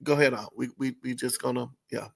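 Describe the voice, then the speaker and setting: A man's voice: medium pitch, fairly even intonation, fast, creaky, a bit bright. A man hosting a casual commentary channel, chatty and full of fillers and self-corrections, often breaking into amused laughter. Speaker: entertainment commentary host.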